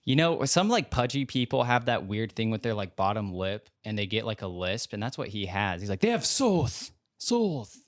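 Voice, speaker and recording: A man's voice: fairly low pitch, a little fast, few pauses, no room sound, studio quality. A man co-hosting a casual podcast, rambling and joking with mumbled asides. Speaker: podcast co-host.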